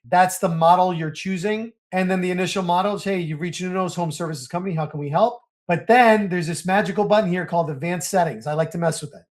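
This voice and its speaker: A man with a fairly high voice walks viewers through software on his screen. He narrates every click and gets excited as things work, talking straight to the audience in a hyped, chatty way. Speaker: software tutorial host. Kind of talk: screen-share software walkthrough.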